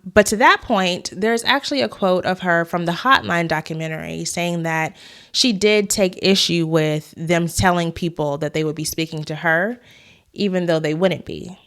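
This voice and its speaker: A woman with a lowish, fairly bright voice hosts a YouTube commentary vlog, talking conversationally and giving her opinions directly to viewers.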